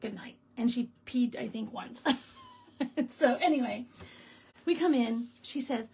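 A middle-aged woman, a stamping demonstrator and show host, runs a casual crafting live stream from her home craft room, telling a story and laughing often. Her voice is a little high, unhurried, darkish and slightly rough with vocal fry, on a low-quality recording.

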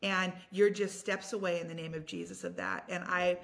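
A woman guest on a faith-based podcast, telling stories in an animated, effusive way. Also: on the low side, normal speed, vocal fry. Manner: animated storyteller, effusive and enthusiastic. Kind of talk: casual chat.

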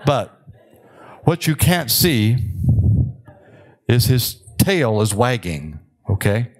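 An older man, a psychiatrist giving a conference lecture in a conversational, wry way, with many filler pauses. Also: medium pitch, sing-song.

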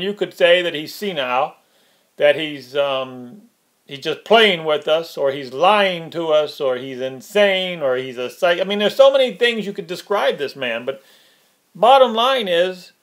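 A man's voice: fairly high pitch, expressive, moderate pace, a bit bright. A man ranting in political commentary, sarcastic and mocking; he speeds up and gets worked up, laughing at his own jabs.

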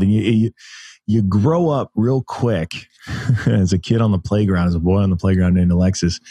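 American guy in his 30s, kinda low voice, excited storyteller, laughs a lot, dry sound. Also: no echo. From United States. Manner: animated storyteller, laughs often, many restarts. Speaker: guest. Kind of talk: casual interview conversation.

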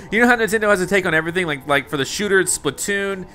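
A laughing, animated male gaming commentator. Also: high-pitched. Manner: playful, laughs often, quick exclamations. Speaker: gaming YouTuber. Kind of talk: casual let's play commentary.

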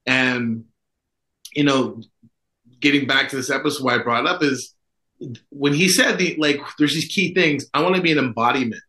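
A priest co-hosting a conversational podcast, his voice bright and forceful. He talks loosely, circling back with fillers and asides, at a middling pitch for a man. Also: normal speed, long pauses, rough recording. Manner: rambling, full of fillers and asides. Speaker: Orthodox priest, podcast co-host. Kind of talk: casual conversational chat.

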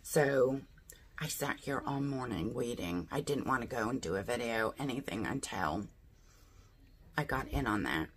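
A woman's voice: very deep voice, animated, a little slow, slight background noise. A woman chatting casually through a beauty box unboxing, thinking aloud and asking her viewers what she should do. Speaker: beauty vlogger.

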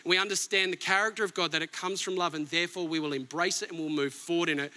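A middle-aged pastor preaching a sermon with emphatic swings between near-shouts and soft asides. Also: male voice, a little high, steady tone, fast.

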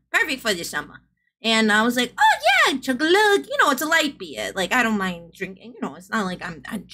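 Giggly bright-voiced woman streamer. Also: on the high side, slightly rough. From American South. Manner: giggly, loud, swears freely. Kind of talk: casual live-stream chat.

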